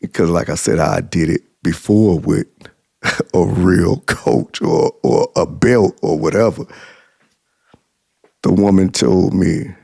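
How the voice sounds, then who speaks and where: A man's voice: low voice, slow pace, creaky, long pauses, darkish tone, no room sound, studio quality. A man vlogger telling a personal story to the camera, chuckling through his words and repeating himself for emphasis.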